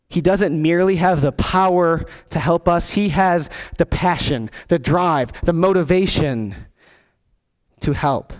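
A man preaching a sermon as a pastor, earnest, dropping quiet and low to stress key words. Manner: acts out quoted voices in the text.

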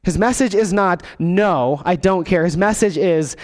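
A man preaching a sermon as a pastor, earnest, dropping quiet and low to stress key words. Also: moderate pace, hardly any pauses. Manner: acts out quoted voices in the text.

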